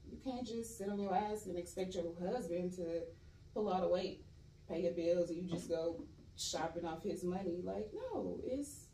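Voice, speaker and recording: Young actress guest, mellow and candid, roomy off-mic sound. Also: female voice, medium pitch. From California. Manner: laid-back, candid, laughs often. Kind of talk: casual interview chat. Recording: roomy echo, voice a bit far from mic, faint noise.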